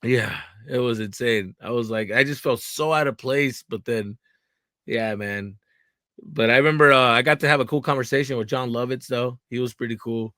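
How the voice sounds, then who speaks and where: Male comic guest, lively cussing storyteller, dry close sound. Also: medium pitch, normal speed, no echo. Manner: animated, profane storyteller with many fillers. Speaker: comedian guest. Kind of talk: casual interview chat.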